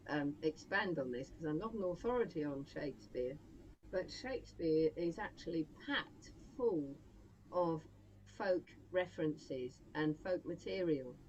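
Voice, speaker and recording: A woman's voice: low voice, slight background noise. A woman with an English accent, a folk singer leading a workshop, chatting hesitantly as she introduces songs. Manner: chatty, hesitant with many fillers. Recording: muffled lo-fi with instrument music.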